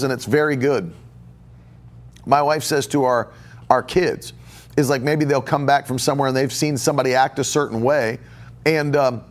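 A middle-aged male pastor preaching on a podcast in a slightly raised voice. He hammers home each point by repeating it, and he stops to take questions from listeners. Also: fairly high pitch. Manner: emphatic, repeats phrases for stress; takes viewer questions live. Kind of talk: podcast sermon.

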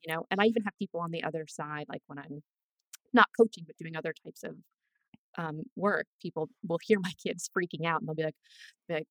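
Career coach guest: woman, lowish voice, dry close sound, chatty and animated. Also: no room sound. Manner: chatty, animated, quick asides. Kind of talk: casual interview chat.

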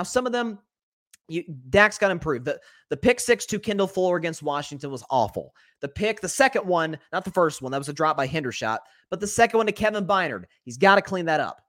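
A man's voice: high-pitched, sing-song, fairly bright tone. A man hosting a solo sports talk show, emphatic and rattling off stats. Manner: rapid-fire stat listing, emphatic.

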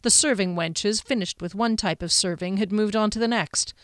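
A woman narrates a fantasy novel as an audiobook reader, delivering scripted narration in a steady storytelling style. Her voice is medium-pitched at a moderate pace, recorded dry at studio quality.

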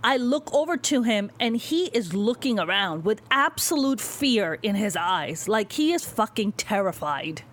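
A woman stand-up comedian telling a story in a casual interview, animated, blunt and full of swearing. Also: mid-range voice, measured pace, few pauses.

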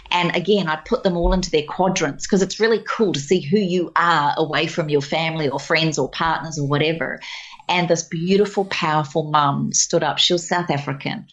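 Storytelling woman guest, somewhat low, animated, dull lo-fi recording. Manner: animated, warm anecdotes with laughs and acted quotes. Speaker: guest speaker. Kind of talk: conversational storytelling.

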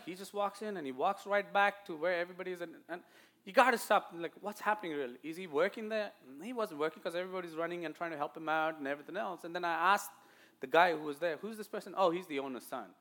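Bright-voiced Indian pastor preaching. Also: male voice, high-pitched, fast talker. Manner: emphatic preaching, swings between soft asides and loud declarations. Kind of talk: sermon.

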